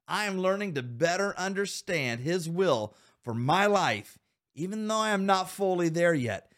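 An earnest male podcast host with a slightly high-set voice, urging his listeners on. He talks to them directly, calling them guys and men, and asks them one question after another. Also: lively intonation, measured pace, a bit bright. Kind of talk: Christian men's podcast talk.

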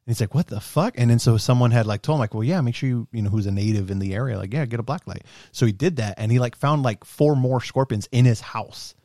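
A man's voice: medium pitch, fast talker, few pauses, mellow, no room sound, studio quality. A man chatting casually and telling a story, loose and profane, often laughing. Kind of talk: casual chat.

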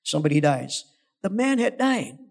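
In a long-reverb church hall, a male pastor with a slightly high, very animated voice and vocal fry preaches at a moderate pace. He urgently exhorts and coaxes his congregation, his intensity rising to shouts.

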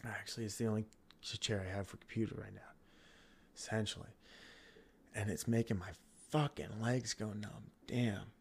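A man's voice: lowish voice, fairly even intonation, normal speed, gravelly, long pauses, slight background noise. A man sits at his computer at home and rants through a solo podcast episode. He rambles from point to point, swears freely and works himself up as he talks. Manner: agitated, profane, rambling. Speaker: podcast host. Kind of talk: casual solo podcast rant. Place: home, seated at a computer on a dining chair.

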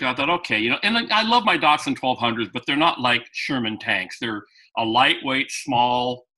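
Man, interview guest, lively anecdotal storyteller, very bright voice. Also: mid-range voice, rough recording. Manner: animated anecdotal, with frequent restarts. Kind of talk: storytelling in conversation.

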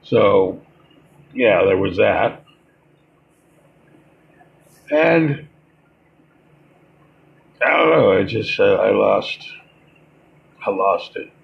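Slow and expressive, a deeply husky, gravelly-voiced man launches into an angry, foul-mouthed commentary, breaking off and restarting as his temper rises. The audio sounds muffled and low-fidelity.

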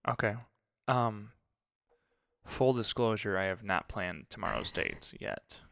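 Laid-back young guy podcasting with his wife, lowish smooth voice, dry close mic. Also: slow, a bit bright, no echo. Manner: easygoing, thinks aloud with fillers. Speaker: podcast co-host. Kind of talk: casual chat. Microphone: close studio mic.

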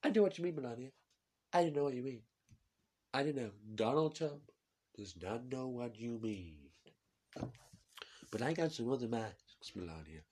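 A man doing a comic impression of a boastful, bumbling older male politician who talks loudly and stammers. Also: lowish voice, unhurried, a little hiss or hum, close to an everyday voice. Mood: blustering. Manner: loud, stammering, whiny.

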